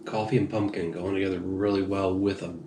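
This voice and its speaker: Man, slightly tipsy, rambling frank beer reviewer, low-ish voice, roomy echo. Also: little pitch movement, a little fast. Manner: rambling, frank, self-deprecating. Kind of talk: casual review monologue. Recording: echoey room, faint noise.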